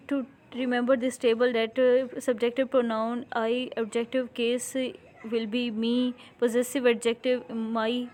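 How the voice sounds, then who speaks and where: A woman with an Indian English accent teaching grammar from slides, reading rules and examples aloud and sometimes halting to restart a word. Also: a little high, a little mellow. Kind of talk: slide-based grammar lesson.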